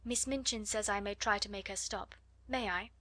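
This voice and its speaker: A calm young girl, voiced by a woman narrator, speaks quietly and politely. The voice is clear and bright. The sound is close and dry. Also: a little high, normal speed, no room sound. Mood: gentle.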